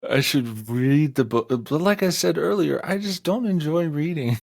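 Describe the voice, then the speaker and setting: A man co-hosting a casual podcast who talks in a relaxed, hedging way with lots of fillers. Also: a little high, normal speed, gravelly. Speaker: podcast co-host, audiobook narrator.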